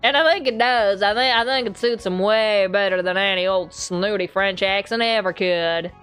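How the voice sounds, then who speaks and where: A woman's voice: mid-range voice, normal speed, fairly bright tone, smooth, soft background music. A woman streamer chatting playfully and teasingly while reading through a game. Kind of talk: casual game commentary and reading.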